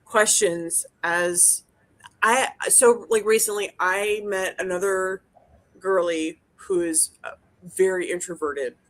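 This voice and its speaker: A woman's voice: mid-range voice, slow, a bit bright. A woman, a dental hygienist, chatting casually as a podcast co-host, blunt and profane, rambling with lots of restarts. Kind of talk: casual chat.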